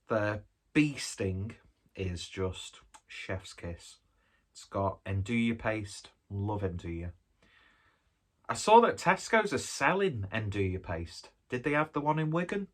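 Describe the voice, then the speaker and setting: A man talks his way through a pizza review in a loose, rambling style, eating as he goes. His voice sits low and deep. It has a husky, slightly rough texture. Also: fairly bright tone. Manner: rambling and chatty, talking while eating. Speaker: food reviewer. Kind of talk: casual food review vlog.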